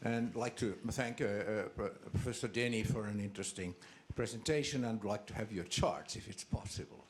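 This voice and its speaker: Older ex-diplomat guy commenting at a seminar, low voice, lots of uh uh. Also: brisk, a little hiss or hum. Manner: hesitant, many fillers and restarts. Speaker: former ambassador commenting from the floor.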